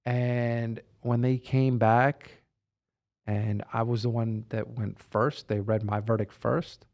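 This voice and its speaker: Gravelly-voiced man telling a personal story. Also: mid-range voice, darkish tone. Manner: reflective, repeats phrases for emphasis, frequent "you know" and "like". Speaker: guest sharing personal story.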